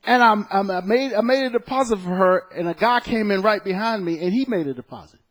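Preaching pastor, loud then hushed. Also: male voice, sits high, expressive, fast talker. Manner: swings from loud exclaiming to soft, hushed storytelling. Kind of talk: sermon with personal story.

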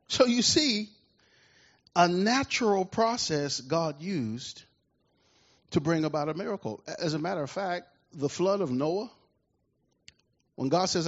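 A man preaching a sermon in an animated way, often asking the congregation questions, with a husky voice. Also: fairly high pitch, normal speed, long pauses. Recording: dull lo-fi recording.

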